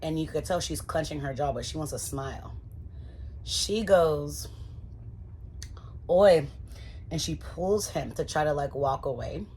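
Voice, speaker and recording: A woman's voice: sits low, expressive, normal speed, a little mellow, a little hiss or hum. A woman giving a casual, chatty recap of a reality show, talking straight to her viewers. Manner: chatty, addresses viewers as y'all.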